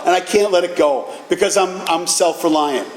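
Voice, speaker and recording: A middle-aged man giving an animated personal talk at a recovery meeting, telling stories with casual profanity. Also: high-pitched, normal speed. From Boston area, USA. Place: meeting hall. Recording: echoey hall with faint ambience.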